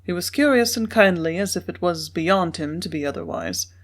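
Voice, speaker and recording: A woman narrating a classic Western novel in a measured reading style. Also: fairly low pitch, animated. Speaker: audiobook narrator. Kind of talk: scripted narration.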